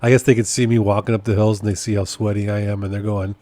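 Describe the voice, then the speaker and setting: A man's voice: on the low side, flat delivery, quick pace, hardly any pauses, mellow. A man hosting a casual solo podcast update, rambling and amused at himself, often repeating his points. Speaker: podcast host and process server.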